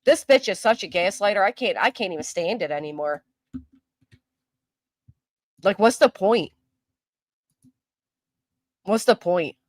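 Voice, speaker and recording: A woman hosts her commentary channel in a furious, expletive-laden rant. Her pitch sits mid-range for a woman, and the sound is close and dry with no room echo. She scolds and swears her way through every point. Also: expressive, a little slow, pauses often. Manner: heated, profane, scolding.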